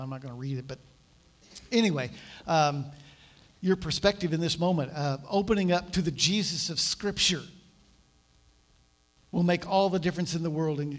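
A man's voice: a little high, fairly quick. A man preaching a sermon in a conversational, storytelling way, acting out the voices of the people he quotes. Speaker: pastor.

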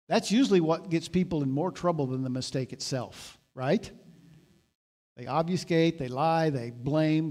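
Brief: male pastor, high-pitched, conversational sermon that swells into exhortation. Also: darkish tone. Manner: conversational preaching, rising to emphatic exhortation.

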